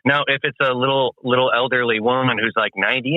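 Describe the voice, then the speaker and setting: A man's voice: medium pitch, steady tone, fast, no echo. Confident guy coaching on sales over the phone, tinny dry line. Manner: confident, emphatic, acts out customer talk. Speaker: guest landscaping business coach. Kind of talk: phone interview, sales advice. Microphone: phone call.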